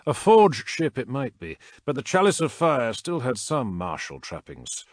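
A man reading a war story aloud as narrator, in measured, dramatic storytelling. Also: mid-range voice, wildly swooping pitch, no echo, clean studio sound. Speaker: audiobook narrator. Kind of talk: scripted narration.

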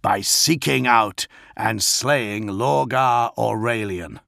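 A man voicing a stern, scheming male warrior-priest in a slow, measured, menacing way. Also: mid-range voice, creaky, a bit bright, no room sound, clean studio sound, exaggerated voice.

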